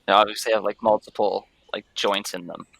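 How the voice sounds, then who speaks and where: A man's voice: fairly low pitch, steady tone, fairly quick, creaky, a bit bright. A man playing in a tabletop game, joking and reacting playfully. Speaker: player.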